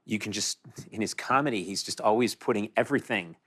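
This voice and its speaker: A man's voice: fairly low pitch, fast talker, fairly bright tone. A man hosting a casual chat, talking in loose run-on thoughts. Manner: chatty, trails off in long run-on thoughts.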